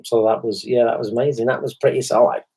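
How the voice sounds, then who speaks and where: A man's voice: mid-range voice, fast, slightly rough. A middle-aged man in casual chat as a podcast co-host, telling anecdotes and acting out the people in them. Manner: animated storyteller, voices quoted people.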